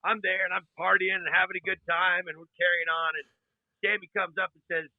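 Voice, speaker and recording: A man's voice: high voice, fairly quick, dry recording. Exuberant man on a tinny call. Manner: lively, exuberant anecdote-telling with slangy asides. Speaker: restaurateur and TV presenter guest. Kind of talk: casual storytelling chat. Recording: tinny phone-like line, dry.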